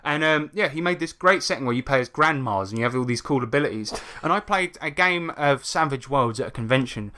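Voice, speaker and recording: A British man hosting a podcast, telling stories in casual chat, animated and full of swearing. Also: medium pitch, brisk, few pauses. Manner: swears often, animated storytelling. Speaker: podcast host.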